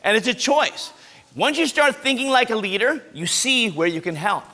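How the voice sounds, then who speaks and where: A man's voice: very high voice, lively intonation, moderate pace, bright, forceful tone. A man giving an upbeat anti-bullying talk at a school assembly, coaching kids through role-play.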